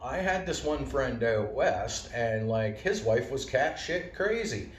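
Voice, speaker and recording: A man's voice: medium pitch, big pitch swings, slow. A man giving a casual, rambling monologue full of fillers and wordplay. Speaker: vlogger. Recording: roomy, distant from mic.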